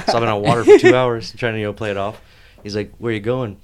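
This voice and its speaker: A man's voice: on the low side, fast, few pauses. A man co-hosting a casual podcast, telling a long story with lots of laughter. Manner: animated storyteller, laughs often. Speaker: podcast co-host.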